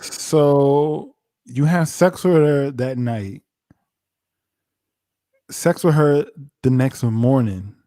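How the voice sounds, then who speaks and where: A man's voice: mid-range voice, very slow, long pauses, no echo, clean studio sound. A man co-hosting a casual reality TV recap, animatedly acting out what the people on the show said. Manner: animated, acts out both sides of scenes. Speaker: podcast co-host.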